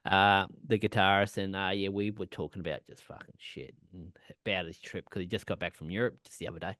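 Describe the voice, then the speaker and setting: A man's voice: low-pitched, steady tone, fairly quick, a bit bright, no echo. An Australian man in his forties, co-hosting a podcast in a loose, sweary, rambling chat with lots of laughing. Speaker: podcast co-host. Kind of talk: casual chat.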